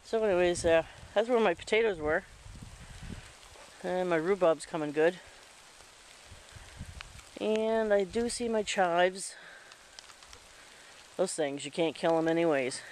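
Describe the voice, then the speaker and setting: High-voiced man rambling through his garden. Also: slow pace, pauses often, slight background noise, rough recording. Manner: rambling, chatty. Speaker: vlogger. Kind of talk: casual garden walk-through. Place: outdoor garden in light rain. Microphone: handheld camera mic.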